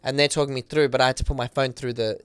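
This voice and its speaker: Aussie guy on a podcast rattling off a wild story, smooth voice, dry sound, acts out everyone he quotes. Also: medium pitch, dry recording. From Australia. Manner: rapid, excited retelling with many fillers. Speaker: podcast guest. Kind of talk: animated storytelling.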